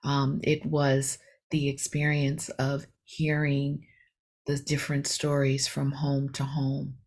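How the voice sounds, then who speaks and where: Low-voiced woman giving a dharma talk. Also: monotone, darkish tone. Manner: reflective, unhurried, poses rhetorical questions; frequent fillers and self-corrections. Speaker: meditation teacher. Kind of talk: dharma talk retelling a story.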